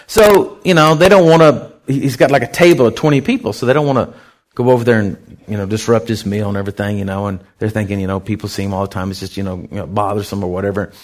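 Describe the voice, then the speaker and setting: Male pastor, lowish voice, animated anecdotal sermon delivery. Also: fast talker. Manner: lively anecdotal storytelling, acts out others' lines. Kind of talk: sermon storytelling.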